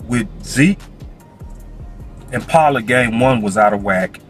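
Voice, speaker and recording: A man's voice: medium pitch, takes it slowly, soft background music. A man giving playful, slangy football commentary in a played video clip.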